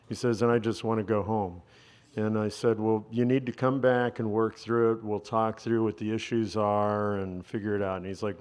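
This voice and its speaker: A man's voice: lowish voice, darkish tone. A man as an interview guest, telling a long story and acting out the dialogue in it. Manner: conversational, acts out quoted dialogue.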